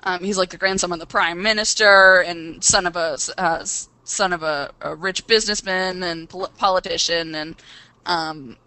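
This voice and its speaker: A woman's voice: fairly low pitch, steady tone, moderate pace, pushed and bright, clear, resonant tone, dry recording, low-quality recording. A woman chatting casually among friends, laughing often and trailing off into fillers. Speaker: podcast co-host. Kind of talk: casual chat.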